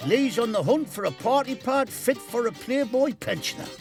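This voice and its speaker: A man's voice: extremely high pitch, animated, normal speed, over music. A man narrating a documentary in a playful, punning scripted style.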